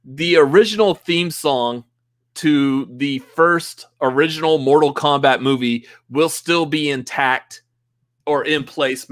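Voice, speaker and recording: A man's voice: medium pitch, a bit bright, no room sound. A man co-hosting a casual live movie-news stream, chatty and full of fillers, laughing often. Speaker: movie podcast co-host.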